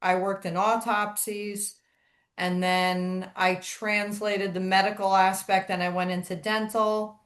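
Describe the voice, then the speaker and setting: A woman's voice: mid-range voice, flat delivery, measured pace. A middle-aged woman with a mid-range voice talks candidly and wryly in casual chat. Her voice rings in a roomy, echoey space. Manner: candid, wry, loose speech with fillers.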